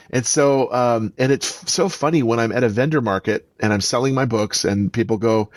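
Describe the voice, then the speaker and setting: A man's voice: medium pitch, fairly quick, no echo. A man who is an author and voice actor, telling stories emphatically as a podcast interview guest.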